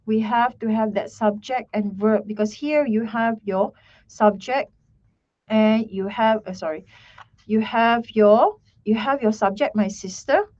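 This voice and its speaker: A woman teaching English grammar in an online lesson, slowly repeating herself and checking in with "right?" and "okay". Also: fairly high pitch, a little mellow, highs cut off.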